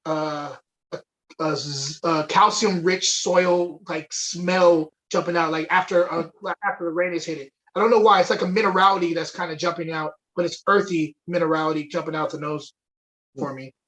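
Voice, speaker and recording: A man's voice: fairly high pitch, fairly even intonation, moderate pace, a bit bright. A man co-hosting a live online wine tasting, chatting eagerly with lots of fillers as he describes a rosé. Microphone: webcam or desk mic on a video stream.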